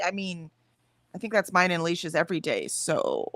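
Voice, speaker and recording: Using headphones with a mic and no room sound, this Southern US woman co-hosts a laid-back morning stream, laughing easily as she reads chat aloud. Her voice is on the low side, a bit bright and sing-song, at a moderate pace.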